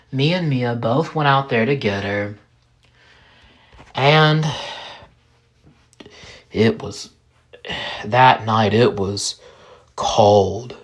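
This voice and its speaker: Slow, somber male storyteller. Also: on the low side. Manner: slow, halting, somber narration. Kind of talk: first-person spoken story.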